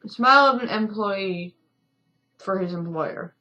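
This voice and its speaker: A woman's voice: mid-range voice, unhurried, bright, forceful tone, highs cut off. A tired woman streamer reading a story game aloud, with chatty asides and frequent self-corrections.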